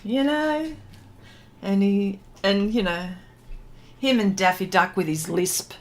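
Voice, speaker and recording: A middle-aged woman with a medium-pitched voice takes it slowly while hosting a casual art livestream as she paints. She chats, reads viewer comments aloud and laughs often.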